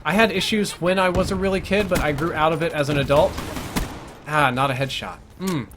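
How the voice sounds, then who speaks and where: Young male streamer, a bit high-pitched, loose and talkative, answers chat while he plays. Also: brisk, background noise. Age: young adult. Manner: rambling, thinks aloud, answers viewer questions between plays. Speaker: game streamer. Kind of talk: live gameplay commentary chat.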